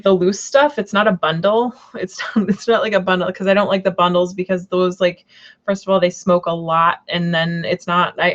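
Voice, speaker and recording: Chatty New woman, dull audio. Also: fairly low pitch. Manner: rambling, chatty, many fillers and restarts. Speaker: tarot reader and shop owner. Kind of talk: casual live-stream chat.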